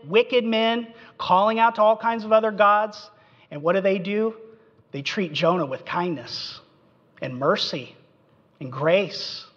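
A man's voice: sits high, fairly bright tone. A man preaching a sermon, telling the story with animation and acting out the quotes, in a dull recording in a reverberant hall. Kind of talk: expository sermon.

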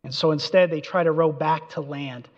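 High-voiced preacher in an echoing hall. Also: male voice, normal speed. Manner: animated storytelling with acted-out quotes. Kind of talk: expository sermon. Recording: dull recording in a reverberant hall.

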